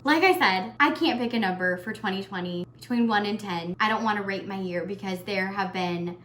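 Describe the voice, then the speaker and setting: A young adult woman vlogging, earnest and heartfelt, talking warmly to her viewers and getting emotional. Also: medium pitch, a little fast, reverberant. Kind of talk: casual year-end tag vlog.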